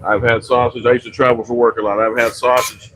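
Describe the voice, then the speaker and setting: Speaking fast in a flat, fairly bright medium-pitched voice, a middle-aged man from western Pennsylvania spins a long, meandering livestream story about his pizza shop with lots of fillers and self-corrections. The recording is rough, with slight background noise.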